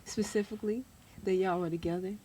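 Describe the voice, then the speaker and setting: A woman's voice: mid-range voice, steady tone, fast talker, a crowd in the background, poor audio. A woman co-hosting a podcast, asking plain follow-up questions in a casual group chat. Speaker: podcast co-host.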